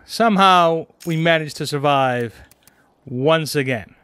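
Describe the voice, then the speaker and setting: A man's voice: on the high side, takes it slowly, fairly bright tone, clean tone, dry recording. A man hosting a gaming channel, giving casual commentary as he plays and talking himself through each step, often repeating his words. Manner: talks to himself while playing, repeats phrases. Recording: game music and engine sounds behind. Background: game music and vehicle sounds.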